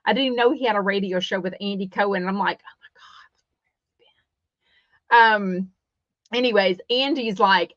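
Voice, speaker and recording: A woman's voice: mid-range voice, moderate pace, long pauses, a bit bright, dry recording, highs cut off. A woman from Texas with a Texan accent, hosting a casual celebrity gossip podcast, chatty and opinionated, reading live comments aloud. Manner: chatty and opinionated, many fillers and quoted asides. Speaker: podcast host.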